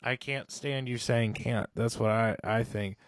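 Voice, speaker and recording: A man's voice: medium pitch, steady tone, a little slow, no room sound, clean studio sound. A man co-hosting a comedy podcast in casual chat, teasing and joking. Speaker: co-host.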